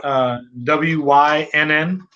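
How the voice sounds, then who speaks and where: Bright-voiced man guest on a video call. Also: a little high, steady tone, slow, slight background noise. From Texas. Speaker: interview guest, father. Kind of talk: casual interview conversation. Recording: dull lo-fi call audio.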